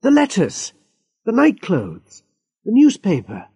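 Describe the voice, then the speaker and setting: A man's voice: high voice, huge pitch swings, slow pace, warm tone, slightly rough, no echo, pitched above the performer's own voice, exaggerated voice. A man voicing a blunt young husband who speaks emphatically and mockingly.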